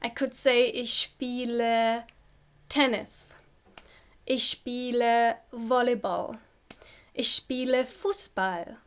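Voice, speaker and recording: A woman teaches a beginner class, patient and methodical, spelling out each step. Her voice sits a little high, and she takes her time with every word. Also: a bit bright, smooth. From Germany. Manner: patient, step-by-step explaining with careful pronunciation. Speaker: German teacher. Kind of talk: online language lesson.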